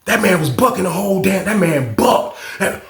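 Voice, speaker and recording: A man telling a casual storytime tale, animated and profane, often repeating his own catchphrases. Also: high voice, moderate pace, creaky, reverberant. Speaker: storyteller, channel host.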